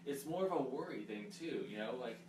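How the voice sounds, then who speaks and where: A young male pastor preaching casually with earnest, conversational warmth, now and then teasing. His voice sits at a middle pitch and sounds set back from the mic in a reverberant room. A faint hum runs underneath. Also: expressive, fairly quick, recorded from a distance. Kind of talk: casual sermon chat.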